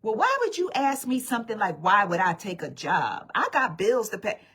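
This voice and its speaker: A woman's voice: mid-range voice, very animated, normal speed, pushed and bright, husky, heavily acted. A woman imitating a haughty, indignant older actress who asks clipped, scolding questions.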